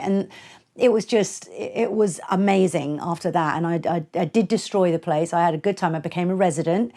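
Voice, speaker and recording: Blunt, animated woman storyteller. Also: on the low side, a little fast. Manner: blunt, animated, acts out quotes, laughs often. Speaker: DJ and producer, interview guest. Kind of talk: candid storytelling in a podcast interview.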